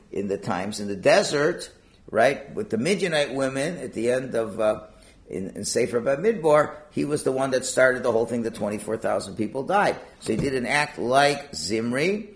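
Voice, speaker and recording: Animated man teaching Talmud. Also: mid-range voice, moderate pace. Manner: animated, rhetorical questions, explains text line by line. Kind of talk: lively Talmud class.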